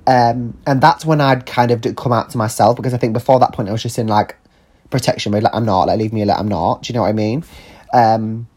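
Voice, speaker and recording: A man's voice: mid-range voice, steady tone, quick pace, a little mellow, breathy edge. A young man telling a personal story in a chatty, candid podcast monologue, full of fillers and the odd swear. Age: young adult. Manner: chatty, candid, sweary, lots of likes and ums. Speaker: podcast host.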